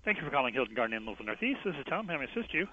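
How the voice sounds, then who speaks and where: Polite hotel clerk on a muffled line. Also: male voice, medium pitch, big pitch swings, rapid-fire, far from the mic, loud music behind the voice. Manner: polite but firm. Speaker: hotel front desk clerk.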